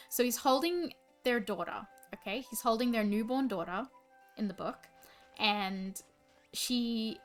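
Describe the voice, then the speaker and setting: A woman's voice: on the high side, a bit bright. A young adult woman streaming live, chatting casually in a rambling way full of fillers and restarts. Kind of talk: casual chat. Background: faint music.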